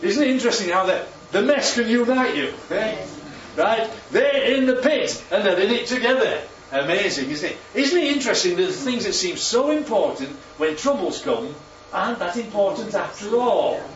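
A man's voice: sits high, lively intonation, normal speed, hardly any pauses, a little hiss or hum. Man preaching in a roomy church hall. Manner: interactive, asks the congregation questions. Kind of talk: sermon. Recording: roomy, distant, muffled hall recording.

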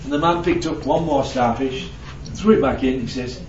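A man's voice: medium pitch, moderate pace, darkish tone, slight background noise. A man preaching a sermon in a conversational way, asking the audience questions and telling anecdotes. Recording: roomy, distant, dull lo-fi sound with faint ambience.

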